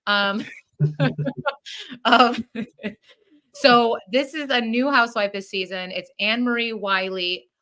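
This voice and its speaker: A woman's voice: fairly high pitch, takes it slowly, long pauses, pushed and bright. A woman co-hosting a podcast, chatting casually and rambling with lots of fillers. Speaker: podcast co-host. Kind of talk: casual chat.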